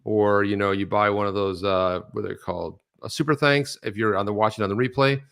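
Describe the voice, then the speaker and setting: A middle-aged man co-hosting a casual chat, telling stories in a rambling, animated way with lots of restarts. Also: on the low side, fairly quick, vocal fry, clean tone. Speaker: co-host.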